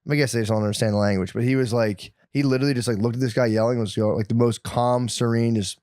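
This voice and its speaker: A man's voice: medium pitch, steady tone, fast, a little mellow, no echo. Profane storytelling man, dry podcast sound. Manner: rambling, profane, acts out quoted lines. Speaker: podcast co-host. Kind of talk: casual storytelling chat.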